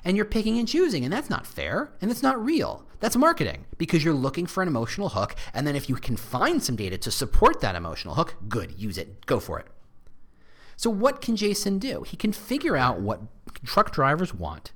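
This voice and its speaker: A man explaining marketing and employer branding in an animated, conversational way, with quick self-corrections and asides. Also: a little high. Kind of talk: casual explanatory talk.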